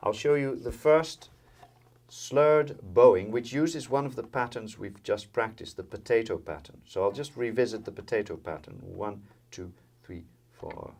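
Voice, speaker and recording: A man's voice: medium pitch, normal speed, darkish tone. A man from the Netherlands giving a jazz violin lesson, explaining step by step with frequent fillers and counting in. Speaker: violin teacher. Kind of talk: instructional music lesson. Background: violin and guitar playing.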